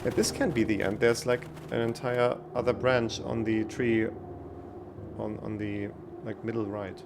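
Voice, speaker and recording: A man's voice: on the low side, level tone, measured pace, background noise. A man livestreaming a story game, chatting casually and musing aloud between lines. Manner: chatty, reads dialogue aloud. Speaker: streamer playing a game.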